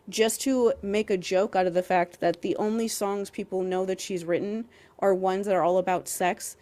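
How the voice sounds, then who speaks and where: A woman's voice: medium pitch, darkish tone. A young woman co-hosting a podcast, ranting emphatically with lots of "like" and some swearing. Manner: heated and emphatic, heavy use of "like", swearing. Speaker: podcast co-host.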